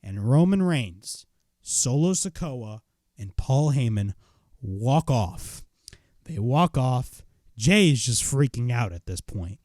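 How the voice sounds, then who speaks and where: A man retelling a wrestling show in a casual, excitable recap, swearing freely as he goes. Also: mid-range voice, slow, no echo, clean studio sound.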